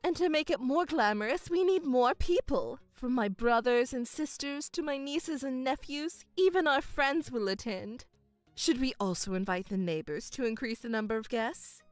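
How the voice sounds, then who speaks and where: A domineering middle-aged mother, pompous and loud, her voice pitched high and pushing forward in a dramatized story reading, as a woman puts her on. The delivery is dry and close, with faint music underneath. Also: no echo. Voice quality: loud and overbearing.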